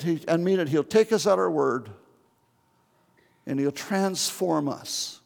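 A man's voice: on the high side, measured pace, gravelly, darkish tone, big-room sound. An older man preaching an earnest, heartfelt sermon as pastor, with pleading repetitions.

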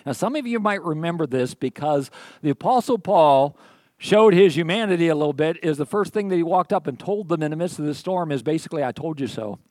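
Man, middle-aged, pastor, sermon, folksy storytelling, slightly high voice, dry close sound. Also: lively intonation, brisk, a little mellow, dry recording. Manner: conversational, folksy storytelling with frequent "okay?".

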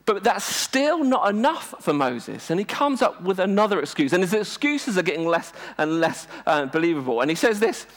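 A man's voice: sits high, normal speed, few pauses. A man in his thirties or forties, preaching a sermon and telling stories with humour and self-deprecating asides. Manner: lively, humorous, self-deprecating storytelling. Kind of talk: sermon with storytelling. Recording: long reverb of a large hall.

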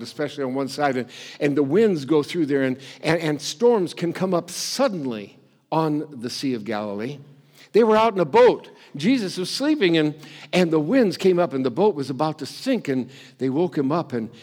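A man preaching a sermon in a relaxed, conversational way, dropping in "you know" and stumbling over repeated words. His voice sits a little above the usual pitch for a man and swings up and down with animated emphasis. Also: moderate pace.

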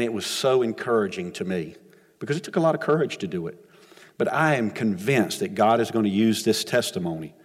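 A man's voice: on the low side, husky. A man preaching a sermon, retelling a Bible story in an emphatic, conversational way. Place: church sanctuary. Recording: long reverb of a church hall.

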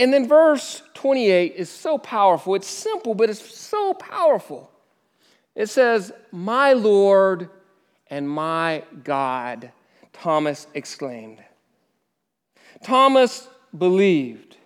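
A male pastor with a high, light voice preaches a sermon in an echoey hall. His scripture reading is dramatic, rising sharply and then dropping to a hush. The long reverb trails each phrase. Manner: animated, dramatic scripture reading with sudden rises and hushed drops.

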